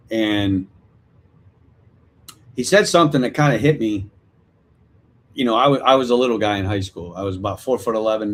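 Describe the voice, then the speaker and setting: A man's voice: on the low side, a little hiss or hum. A man in his fifties hosting a live talk, earnest and reflective, often checking in with "right?". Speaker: host of a veterans support livestream.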